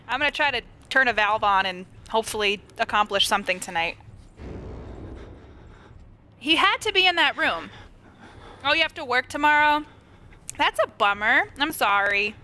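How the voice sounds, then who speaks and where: Bright, lively young woman streamer. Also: high voice, moderate pace, pauses often. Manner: screams and laughs at jump scares, chats with viewers. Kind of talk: live-streamed horror gameplay chat.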